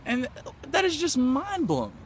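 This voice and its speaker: A man's voice: very high voice, huge pitch swings, moderate pace, slight background noise. A man from the United States, enthusiastically recounting a trip in a rambling, casual way with lots of fillers and restarts. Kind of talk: casual storytelling.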